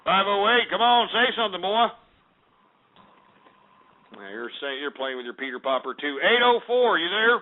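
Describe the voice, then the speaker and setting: Male call-in host, high voice, abrasive and profane, tinny lo-fi line. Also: very animated, moderate pace, long pauses. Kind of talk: call-in show banter. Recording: tinny phone-like audio.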